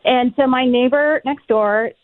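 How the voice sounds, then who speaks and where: A woman's voice: high voice, measured pace, no echo. Middle-aged woman over a tinny line. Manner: animated, swears freely, acts out her own past lines. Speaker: podcast guest, reality TV cast member. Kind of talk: casual storytelling chat. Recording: tinny phone-like line, dry.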